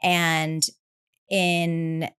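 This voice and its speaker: Interview guest, woman in her fifties from New Zealand; low-pitched, friendly storyteller. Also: flat delivery, extremely slow, a bit bright, smooth. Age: 50s. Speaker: guest, business founder. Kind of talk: casual interview chat.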